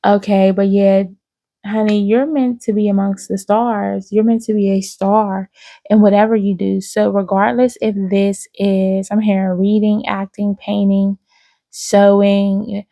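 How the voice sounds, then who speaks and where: A woman giving an intuitive spiritual reading to her viewers, speaking slowly and soothingly with frequent "okay?" check-ins. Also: medium pitch, level tone, dark tone, dry recording. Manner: slow, drawn-out, soothing, with many "okay?" asides. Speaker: psychic reader.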